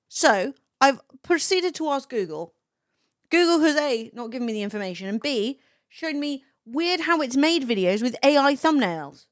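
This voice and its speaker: A young adult woman chatting on a livestream, swearing freely and reacting with quick laughs as she reads chat. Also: high voice, lively intonation, dry recording, studio quality. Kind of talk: casual stream chat, reading chat aloud.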